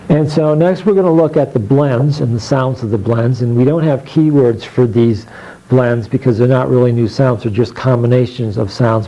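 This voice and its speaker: A man teaching phonics, sounding out letters and keywords one by one in a deliberate instructional drill. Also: medium pitch, mellow. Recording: dull lo-fi recording.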